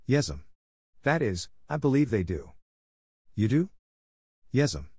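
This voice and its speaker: A man voicing a mischievous young boy who is quick with innocent-sounding excuses. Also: medium pitch, big pitch swings, a little mellow, slightly rough, no room sound, studio quality, voice pushed up, full character voice. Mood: sly.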